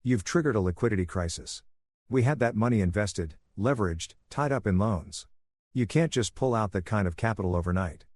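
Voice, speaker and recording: A man's voice: on the low side, animated, brisk, a little mellow, no echo, studio quality. A man reading a panicked male banker. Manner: frantic, pleading.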